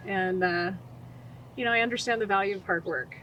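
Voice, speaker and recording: A woman's voice: medium pitch, brisk, highs cut off, crowd noise. A woman in her forties from Utah, a podcast guest telling her life story and acting out the quoted voices. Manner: animated, acts out quoted voices. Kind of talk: storytelling interview.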